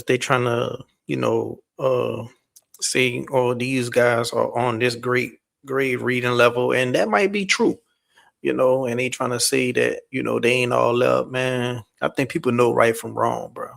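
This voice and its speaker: A man hosting a casual chat, measured and hedging, with lots of "you know" and "like". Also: mid-range voice, steady tone, creaky, a bit bright.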